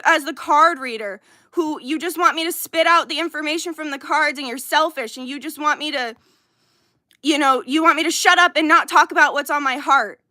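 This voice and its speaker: A woman who reads cards on a live stream, ranting heatedly and yelling with plenty of swearing. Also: sits high, no room sound, studio quality. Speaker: livestream card reader.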